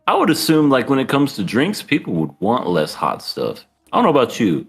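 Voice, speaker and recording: A man co-hosting a podcast in casual chat, animated and laughing often as he acts out scenes. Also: mid-range voice, fairly quick, hardly any pauses, breathy edge, soft background music. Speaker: podcast co-host.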